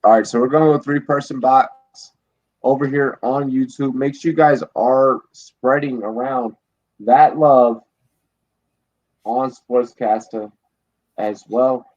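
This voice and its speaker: A man's voice: mid-range voice, takes it slowly. Rowdy, profane man on a lo-fi stream. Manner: profane, rambling, animated storytelling. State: drinking. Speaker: podcast host. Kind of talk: casual live-stream chat. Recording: dull lo-fi stream audio.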